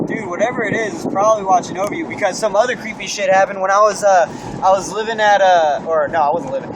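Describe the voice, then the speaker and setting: A man's voice: high-pitched, fast talker, background noise. A young man rambling through a spooky story in casual chat, swearing a lot, recorded outdoors.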